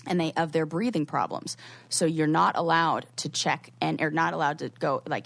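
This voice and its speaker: In a dry recording, a woman with a low, gravelly voice co-hosts a podcast. She tells a rambling, casual story packed with "like."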